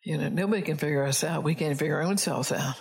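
A woman's voice: deep voice, fast, creaky, darkish tone. A woman preacher telling a story in a sermon and reading scripture, with chatty asides to the congregation.

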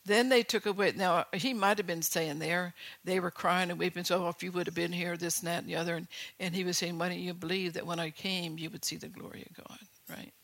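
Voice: mid-range voice, fairly even intonation, fairly quick, vocal fry, hardly any pauses, a bit bright, dry recording. A preacher giving a sermon who reads Bible verses aloud, then explains them with personal testimony and keeps checking in with listeners. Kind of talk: sermon with scripture reading.

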